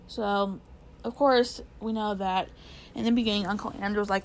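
A woman's voice: mid-range voice, fairly even intonation, moderate pace, hardly any pauses, a little hiss or hum. A woman teacher talking through literary devices from a novel, in a conversational way with frequent fillers and restarts. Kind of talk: literature lesson explaining a novel.

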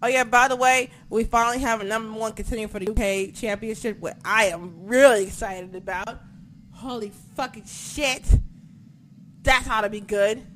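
A woman chatting casually about a wrestling show, excitable, swearing a lot and losing track of names as she talks. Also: fairly high pitch, moderate pace, a little hiss or hum. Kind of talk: casual chat.

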